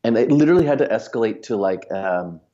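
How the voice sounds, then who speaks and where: A man's voice: on the low side, expressive, fast talker, warm tone, dull audio. A man, a company cofounder, telling a long anecdote casually as a podcast guest, full of fillers and quoted dialogue. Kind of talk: casual storytelling.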